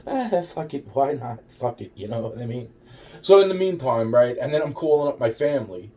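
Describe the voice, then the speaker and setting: A man's voice: mid-range voice, expressive, normal speed, warm tone. A man telling a rambling personal story, swearing constantly and restarting his sentences. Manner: profane, rambling, full of restarts. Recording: voice distant from the mic.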